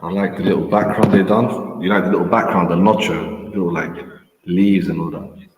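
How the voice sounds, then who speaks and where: Laid-back man, low voice, casual fight chat, roomy echo. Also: steady tone, moderate pace. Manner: laid-back, calls people bro. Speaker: co-host. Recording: echoey room, faint background noise.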